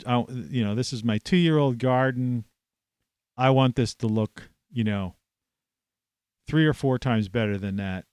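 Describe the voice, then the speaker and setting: A man's voice: medium pitch, smooth, no room sound, studio quality. A man at home, ranting scornfully to camera with plenty of swearing. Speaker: vlogger. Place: at home, indoors in an old house.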